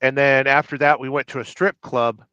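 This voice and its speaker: A man's voice: mid-range voice, fairly even intonation, moderate pace, sharp tone, clean tone, no room sound. A man hosting a casual livestream, rambling and joking while he reads out viewer comments. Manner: rambling, joking, reads chat names aloud. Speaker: livestream host. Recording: dull, dry sound.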